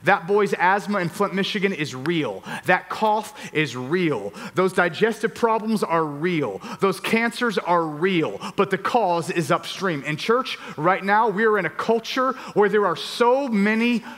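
A man's voice: high voice, animated, a little slow, few pauses, a bit bright. A middle-aged man preaching a sermon, telling a personal story and acting out his own reactions with animation. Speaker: pastor. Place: church hall. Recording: long reverb of a church hall.

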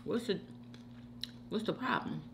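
A woman's voice: medium pitch, lively intonation, a little slow, creaky, noisy background. A woman hosting a mukbang, chatting casually while she eats and giving her opinions straight to her viewers. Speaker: mukbang host. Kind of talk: casual chat while eating.

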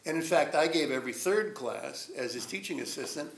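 A man's voice: on the high side, expressive, fairly quick, slight background noise. An older man giving a rambling, reflective storytelling lecture at a college, chuckling often. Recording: echoey lecture room.

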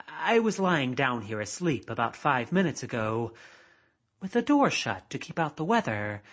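A woman's voice: low voice, full character voice. A woman voicing a plain-spoken rural tradesman who describes a strange night encounter in an audiobook. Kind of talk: audiobook character voice.

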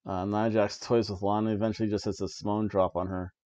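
A man's voice: on the low side, flat delivery, a little fast, darkish tone, no room sound. Giggly man recapping wrestling, lo-fi sound. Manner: giggly, laughs often while recapping. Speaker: wrestling review podcast host. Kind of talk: casual recap chat. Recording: dull lo-fi dry recording.

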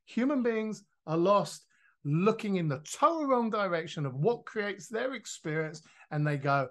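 A man, a podcast guest explaining his ideas in a lively, casual way, acting out quoted voices and swearing now and then. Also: high-pitched, unhurried. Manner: animated, swears freely, acts out quoted voices.

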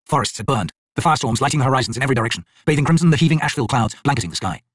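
Fast-reading husky male narrator. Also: medium pitch, animated, dry recording. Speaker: audiobook narrator. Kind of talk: scripted narration.

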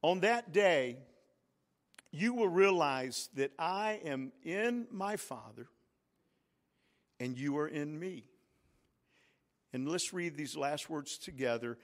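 A man's voice: a little high, expressive, slow, in a large hall. A man, a pastor, preaching a sermon with call-and-response and swelling emphatic peaks. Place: large church sanctuary.

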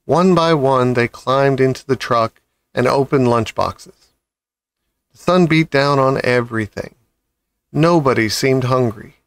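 A man reading a children's novel aloud with calm, measured storybook narration. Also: medium pitch, clean tone, no echo. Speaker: audiobook reader.

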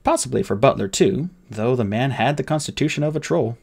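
A man reading an audiobook aloud with expressive, dramatic narration. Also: mid-range voice, fairly quick, vocal fry, husky.

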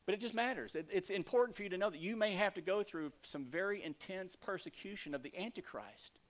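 A man, the lead pastor, preaching a sermon with emphatic rises and soft asides. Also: high-pitched, a little fast. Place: church sanctuary.

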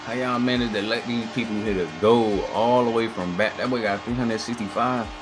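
A man's voice: medium pitch, fairly even intonation, fairly quick. A man hosting a reaction video, talking in loose slangy chatter and often asking if you feel him. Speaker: reaction channel host. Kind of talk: casual reaction commentary. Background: music playing.

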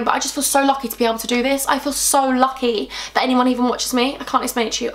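Young woman beauty vlogger, bubbly and effusive, slightly high voice, casual chatty delivery. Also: a little hiss or hum. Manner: gushing, excitable, self-deprecating. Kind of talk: casual chat.

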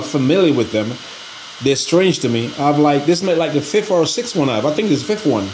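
A man's voice: a little high, a little mellow. Exasperated man pleading over background noise. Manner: exasperated, rambling, pleading for help. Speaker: RC hobby channel host. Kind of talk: casual vlog talk to viewers. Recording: noisy ambient background.

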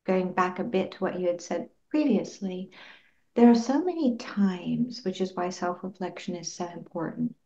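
A woman psychologist answering interview questions in an earnest, gently explanatory way, acting out little quotes. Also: lowish voice, moderate pace. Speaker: clinical psychologist guest. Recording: roomy, dull lo-fi sound.

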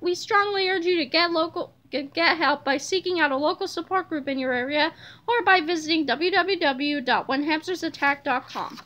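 Female reader, children's book aloud, lively, high and bright.

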